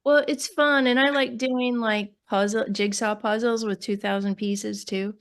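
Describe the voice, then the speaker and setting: A woman poet with a New York accent, talking casually about her book in an interview, often pausing and restarting as she searches for words. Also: fairly high pitch, fairly even intonation.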